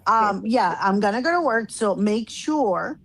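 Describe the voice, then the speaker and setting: A woman co-hosting a casual chat show, telling a story in an animated way and laughing often. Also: mid-range voice, a little slow, vocal fry. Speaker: co-host.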